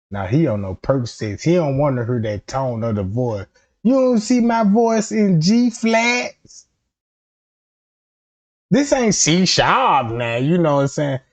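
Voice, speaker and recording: Slow, profane man ranting. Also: on the high side. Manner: profane, rambling, swings into quoted voices. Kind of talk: casual comedic rant.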